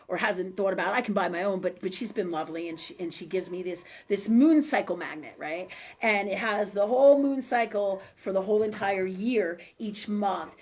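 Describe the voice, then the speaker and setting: A woman's voice: mid-range voice, a little mellow. A woman hosting a live-stream show and giving psychic readings, talking in a loose, chatty way with fillers and tag questions and the odd curse word. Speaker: host and psychic reader.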